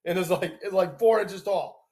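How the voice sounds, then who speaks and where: A man hosting a live stream, telling lively stories about his work and acting out the people in them. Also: high voice, normal speed. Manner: animated storyteller, acts out quoted people. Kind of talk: casual storytelling chat.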